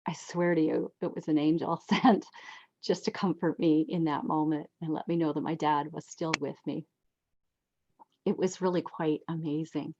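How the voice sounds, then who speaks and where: A woman in her sixties telling heartfelt personal stories as a guest, reflective and expressive, on a dull lo-fi recording. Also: moderate pace, slight background noise. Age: 60s. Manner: heartfelt, reflective, lively swings in pitch. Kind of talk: personal storytelling.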